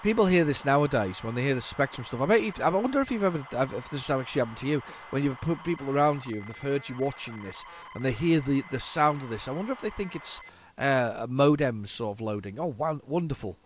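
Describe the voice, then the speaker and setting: A man hosting a retro gaming channel, giving chatty, excitable gameplay commentary with jokey, self-mocking asides to his viewers. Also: medium pitch, fast talker, few pauses, a little hiss or hum. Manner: excitable, chatty, talks to viewers while playing.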